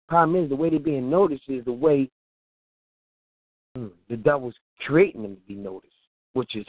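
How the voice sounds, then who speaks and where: A man's voice: mid-range voice, normal speed, long pauses, no echo. A man hosting a radio show, giving casual, preachy talk in a colloquial manner and laughing often. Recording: tinny phone-like line, dry.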